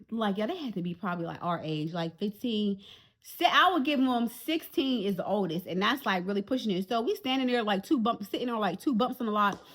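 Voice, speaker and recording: A woman, telling an animated storytime straight to her viewers. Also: a little high. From Jacksonville, Florida. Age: 40s. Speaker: vlogger. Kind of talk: storytime vlog.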